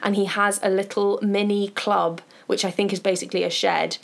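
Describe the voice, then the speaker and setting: A woman's voice: medium pitch, little pitch movement, normal speed, gravelly. A woman co-hosting a podcast, chatting casually and recommending books and podcasts in a conversational, thinking-aloud way. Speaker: podcast co-host.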